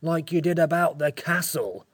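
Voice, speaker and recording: A man's voice: on the high side, animated, moderate pace, no echo, studio quality. A man voicing a grumpy, sleepy sand-fairy creature in a storybook reading, cold and scolding in manner.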